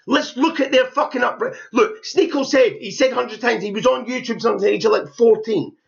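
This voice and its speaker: A man's voice: very high voice, a little fast, gravelly, muffled recording. A young man giving blunt, scornful, profanity-heavy reaction commentary on a video. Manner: blunt, scornful, swears heavily. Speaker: YouTube commentator.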